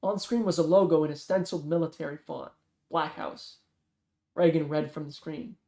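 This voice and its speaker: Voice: mid-range voice, normal speed, echoey room. A reader narrating a thriller novel aloud in a casual way, often stopping to correct and restart phrases. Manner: steady narration with frequent self-corrections and restarts.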